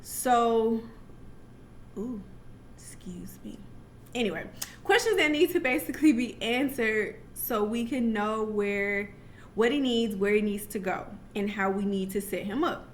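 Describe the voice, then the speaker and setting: A woman's voice: a little high, moderate pace, a little hiss or hum. A young adult woman telling a personal story to camera in a casual, chatty way, full of asides and restarts. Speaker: vlogger.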